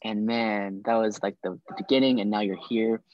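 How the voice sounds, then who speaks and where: A young man from the Midwest chatting casually, laid-back and quick to laugh. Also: lowish voice, fairly even intonation, dry recording, dull audio. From Chicago area, US Midwest. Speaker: grad student interviewee. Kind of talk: casual chat.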